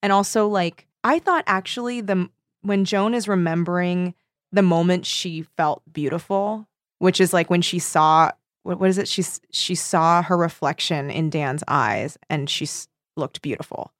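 A woman's voice: on the low side, moderate pace, no room sound. Chatty woman in a dry room. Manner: chatty, reads passages aloud. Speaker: podcast co-host. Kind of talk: casual book club chat.

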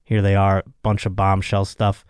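A man's voice: low-pitched, completely flat delivery, moderate pace, a little mellow, smooth, no room sound, studio quality. A young man hosting a podcast, rambling and joking crudely in casual chat. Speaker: podcast host.

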